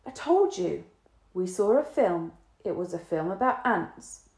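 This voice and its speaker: A woman voicing a guarded, prickly schoolgirl in a storybook reading, sharp and defensive. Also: fairly low pitch, expressive, unhurried. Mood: reciting. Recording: roomy echo.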